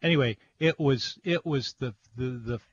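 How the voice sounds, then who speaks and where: Guy hosting a radio food show, halting, lots of uhs and restarts, kinda muffled audio. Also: medium pitch, husky. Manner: halting, full of restarts and fillers. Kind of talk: radio talk show chat. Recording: slightly dull radio audio.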